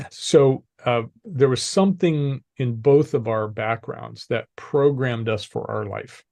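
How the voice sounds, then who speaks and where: An older man, a guest on an interview show, calmly telling a personal story and laughing often. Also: mid-range voice, creaky, dry recording. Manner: calm, measured, laughs often. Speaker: podcast guest, executive coach.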